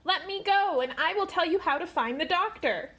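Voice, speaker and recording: A woman's voice: very high voice, lively intonation, normal speed, a bit bright, pitched above the performer's own voice. A woman voicing a captured toy Dalek alien in a storybook, pleading and bargaining to be let go.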